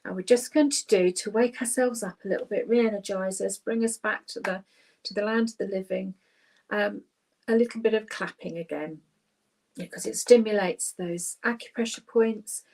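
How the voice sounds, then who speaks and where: A woman's voice: medium pitch, normal speed, gravelly, darkish tone, poor audio. Cheerful British woman leading a class. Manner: cheerful, chatty, with frequent ums. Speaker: laughter yoga leader. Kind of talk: online class instruction.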